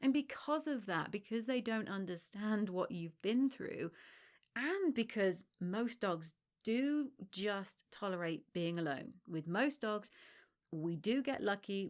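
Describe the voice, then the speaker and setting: Emphatic, reassuring woman podcaster. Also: mid-range voice. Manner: emphatic and reassuring, talks straight to the listener. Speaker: dog separation-anxiety trainer and podcast host. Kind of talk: solo podcast talk.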